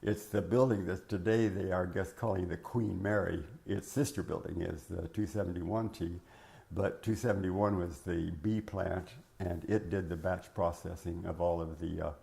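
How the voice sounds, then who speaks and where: Older man, oral history interviewee: low, gravelly, reminiscing, lots of "uh" and restarts, voice cracking at times. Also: fairly even intonation, normal speed, mellow. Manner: rambling, reminiscing, many fillers and restarts. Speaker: interviewee recalling his working life.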